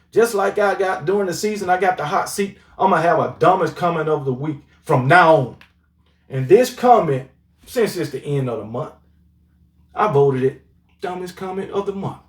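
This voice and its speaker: A man with a high voice and a drawl trash-talks a rival team in an opinionated sports rant. He keeps repeating catchphrases. His voice echoes around the room from some way off the mic. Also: far from the mic. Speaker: sports commentary vlogger. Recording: roomy echo, voice off-mic.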